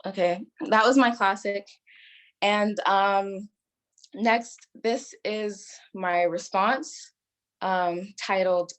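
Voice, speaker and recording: Teenage girl reading poetry slowly. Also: medium pitch, steady tone, rough recording. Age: teens. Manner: slow, deliberate delivery. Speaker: youth slam poet. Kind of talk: spoken-word poetry performance.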